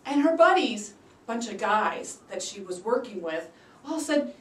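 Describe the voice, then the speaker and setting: A woman giving a prepared storytelling speech at a public speaking club. She acts out the quoted voices with big leaps in pitch and loudness. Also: expressive, normal speed. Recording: roomy sound from a distant mic.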